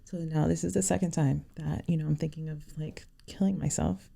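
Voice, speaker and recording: A woman speaks as a podcast guest in a low, heavily gravelly voice. She tells a personal story sincerely, pausing often and leaning on "you know". The tone is dark and mellow. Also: fairly even intonation. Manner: sincere, halting, many "you know" fillers.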